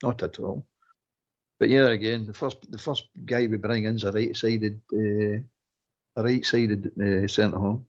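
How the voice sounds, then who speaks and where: A Scottish man on a fan phone-in, his voice gravelly and husky. He rants in animated, exasperated bursts over dull, lo-fi audio. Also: lowish voice, unhurried. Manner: animated, exasperated ranting with laughs. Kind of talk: casual football chat.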